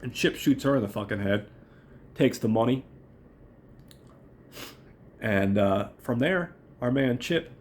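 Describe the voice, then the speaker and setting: A hoarse man with a cold, hosting a podcast and loosely recapping a film plot with profanity and fillers. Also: medium pitch, darkish tone, a little hiss or hum. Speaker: podcast host.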